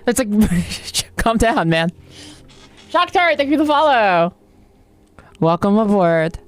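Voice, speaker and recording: A woman's voice: medium pitch, very animated, slow. A woman streaming a game, chatting casually and joking with viewers.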